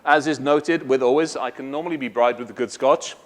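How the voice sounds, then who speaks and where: A man's voice: mid-range voice, a little fast. A middle-aged Welsh man giving a casual, irreverent conference talk, joking and swearing freely. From Wales. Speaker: conference speaker.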